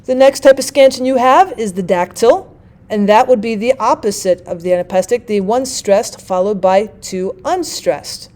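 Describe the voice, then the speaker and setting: A woman with a slightly mellow voice on the high side gives a methodical, explanatory lecture. She goes through her examples slowly.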